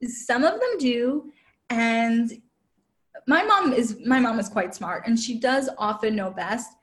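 A woman with a somewhat high voice tells a personal story as a guest on a chat show. She talks casually, packing her sentences with "like" and acting out little quoted lines from other people. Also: slow pace. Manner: chatty, heavy use of "like" fillers; quotes herself and others in lively asides. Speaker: podcast guest, relationship coach.

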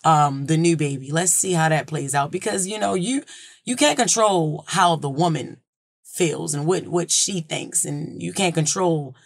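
Woman, podcast host, blunt, profane, casual advice, gravelly, dry sound. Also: low-pitched, unhurried, dry recording. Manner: loose and conversational, repeats herself.

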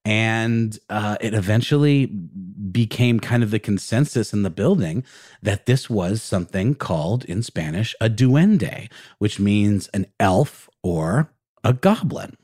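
A man's voice: on the low side, animated, takes it slowly, a little mellow, dry recording, clean studio sound. A man co-hosting a podcast, telling a story in casual chat with lots of fillers and restarts. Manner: rambling, many fillers and restarts. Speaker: podcast co-host.

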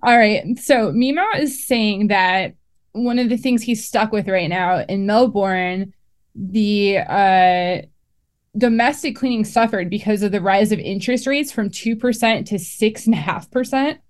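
Female co-host, mid pitch, light and upbeat, reads listener questions. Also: unhurried. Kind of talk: casual podcast chat.

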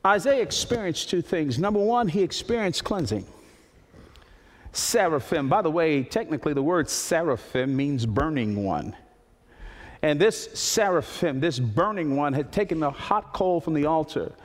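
A male pastor preaching a sermon, building to loud high peaks and then dropping to slow, quiet emphasis. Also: lively intonation. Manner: preaching with sudden swells to high, loud climaxes and soft, slow drops. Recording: long hall reverb.

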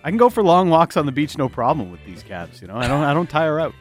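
A man's voice: a little high, very animated, quick pace, faint music behind. Playful man hosting a casual chat. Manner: playful, laughs often, steers the topics. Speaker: podcast host.

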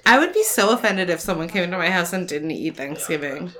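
A young woman co-hosts a podcast, casually chatting while watching a show and joking even though she has the hiccups. She's quick and laughs often, with a low-leaning, expressive voice against a noisy background.

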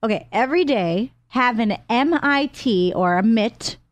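A woman's voice: on the high side, expressive, measured pace, dry recording. Woman, radio co-host, casual chat, dry studio sound.

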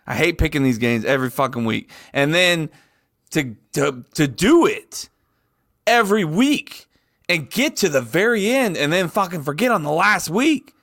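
A man co-hosting a podcast in casual banter, cursing freely and ranting loudly when worked up. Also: on the high side, very animated, normal speed, dry recording, clean studio sound. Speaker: podcast co-host.

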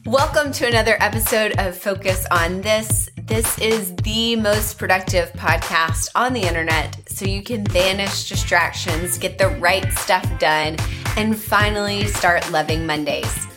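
A woman's voice: medium pitch, unhurried, music in the background. A woman hosting a productivity podcast, upbeat and encouraging in casual talk. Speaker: podcast host.

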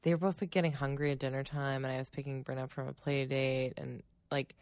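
A woman's voice: very deep voice, little pitch movement, brisk, a little mellow, no room sound. A woman in casual chat, a parent of two young children, talking in a chatty way and laughing often. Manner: chatty, laughs often while telling stories.

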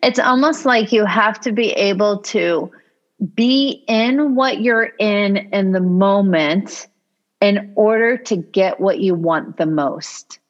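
A woman's voice: medium pitch, slow pace. Reflective woman, slightly dull recording. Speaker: podcast co-host. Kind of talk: casual motivational chat.

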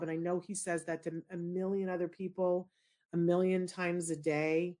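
A middle-aged woman hosting a show, telling a story in casual chat and acting out the people in it. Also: normal speed. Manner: expressive, shifts into high excited squeals when retelling. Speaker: show host.

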